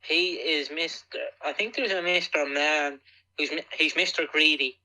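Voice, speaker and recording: Bright-voiced joking male podcast co-host. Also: on the high side, steady tone, rough recording. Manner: playful, teasing, quick to joke. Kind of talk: casual joking podcast chat.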